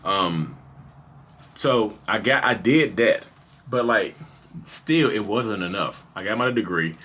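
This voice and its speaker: A man's voice: fairly low pitch, slow, sharp tone, breathy edge. A man in his thirties telling his own story on a podcast in a casual, confessional way, with lots of "you know" fillers. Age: 30s. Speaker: podcast host. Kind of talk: candid personal storytelling.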